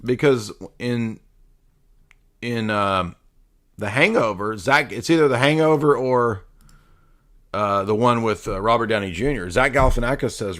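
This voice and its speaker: A man's voice: lowish voice, normal speed, fairly bright tone, soft background music. A man giving casual live-stream commentary on a debate, mocking and sardonic in tone.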